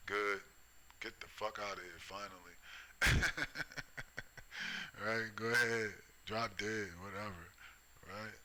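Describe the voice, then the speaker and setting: A man's voice: lowish voice, steady tone, a little slow, long pauses, bright, forceful tone, low-quality recording. A middle-aged man delivering a preachy, profane rant, full of repetition and tag questions. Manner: profane, repetitive, keeps asking "right?" and "you see?". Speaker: vlogger. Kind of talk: preachy ranting monologue.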